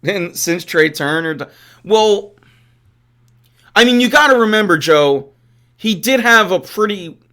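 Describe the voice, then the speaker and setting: A man's voice: high voice, animated, unhurried, long pauses, sharp tone. A man hosting a live-streamed sports talk show, ranting casually, swearing and chuckling at his own sarcasm while answering chat. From Philadelphia area.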